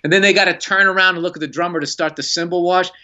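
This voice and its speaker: A man, a comedian and podcast guest, telling an animated story in casual chat and acting out the quotes. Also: high-pitched, very fast, muffled recording. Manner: animated, excitable storyteller who acts out quotes.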